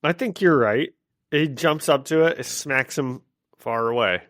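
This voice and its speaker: A man's voice: mid-range voice, a little slow, fairly bright tone, no echo. A man with a mid-range voice reacts easily and laughs often. His speech is loose and full of fillers. He sounds close to the mic in a dry space. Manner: laid-back, laughs often, filler-heavy. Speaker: podcast co-host. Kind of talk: casual chat about a comic.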